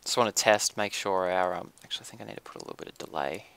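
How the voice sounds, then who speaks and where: Gravelly-voiced man narrating a build. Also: low voice, rapid-fire, a little hiss or hum. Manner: relaxed, thinking aloud with frequent ums. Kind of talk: casual gameplay commentary.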